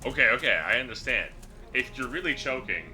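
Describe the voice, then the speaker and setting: A man's voice: mid-range voice, animated, brisk, pushed and bright, voice pushed up. A man mimicking an overly polite chatbot assistant that keeps apologizing and reassuring without helping. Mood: fake calm. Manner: apologetic, falsely reassuring, repetitive. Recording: game music behind.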